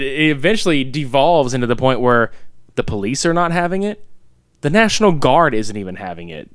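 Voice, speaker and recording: A man's voice: medium pitch, smooth, no room sound, studio quality. A man co-hosting a podcast, laid-back and cursing freely as he retells film scenes. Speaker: podcast co-host. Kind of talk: casual movie review chat.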